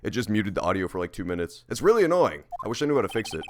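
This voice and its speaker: Swearing, rambling let's play streamer. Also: male voice, fairly low pitch, sing-song, rapid-fire, few pauses, slight background noise. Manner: rambling, swears a lot, jokey. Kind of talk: casual profane gameplay commentary.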